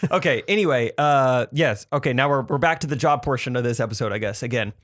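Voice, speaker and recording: A man co-hosting a podcast in casual chat, excitable and laughing often. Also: mid-range voice, fast. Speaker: podcast co-host.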